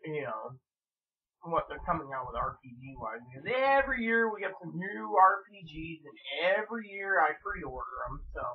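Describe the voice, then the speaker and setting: A man's voice: fairly high pitch, husky. A man giving a casual, rambling vlog update, full of fillers and restarts. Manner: meandering, many fillers and restarts. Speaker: vlogger. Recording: tinny phone-like audio.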